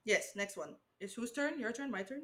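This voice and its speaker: A young woman trades jokes with her co-host over a game, laughing often and swearing freely. Her voice sits high and sounds bright. Her pitch leaps around as she tells her stories. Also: lively intonation, moderate pace, a little hiss or hum. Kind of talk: casual chat playing a game.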